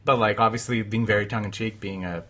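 Bright-voiced rambling podcast host, a man. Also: on the low side, steady tone, quick pace. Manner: rambling, many fillers, laughs often. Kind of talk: casual movie chat.

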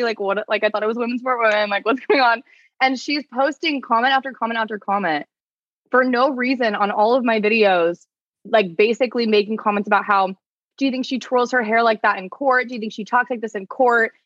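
A woman talks as a podcast guest, racing through a story with lots of "like" and lively swings in her voice. The sound is a little muffled and dry, with no room echo. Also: mid-range voice. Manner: fast, animated storytelling full of "like". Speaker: attorney and content creator, podcast guest. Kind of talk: casual podcast chat.

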